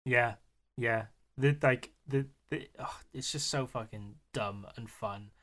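A man co-hosting a podcast, excitably retelling film scenes with lots of swearing and laughter. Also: mid-range voice, slow. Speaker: podcast co-host. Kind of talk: casual chat.

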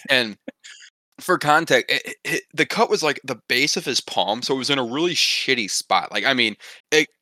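A young man with a bright, forceful voice, animated and profane, tells a story and acts out every quote. The voice sits close and dry against the mic. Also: mid-range voice, moderate pace, no room sound. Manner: animated, acting out quotes, swearing freely. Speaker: podcast co-host. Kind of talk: casual storytelling chat.

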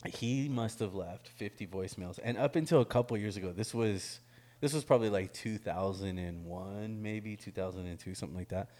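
A middle-aged man telling a story in casual chat, animated, laughing often and swearing freely. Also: fairly low pitch, brisk.

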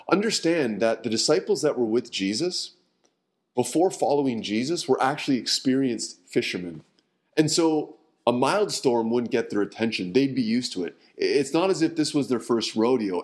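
A man reading a Bible passage and giving an earnest devotional sermon, slowing down and lowering his voice at key points. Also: a little mellow. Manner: repeats words when starting phrases. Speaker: preacher.

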